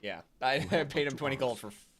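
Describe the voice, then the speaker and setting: A man's voice: medium pitch, fast, a bit bright, a little hiss or hum. A man chatting casually while playing a game, wry and offhand. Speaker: game streamer. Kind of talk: casual let's-play chat.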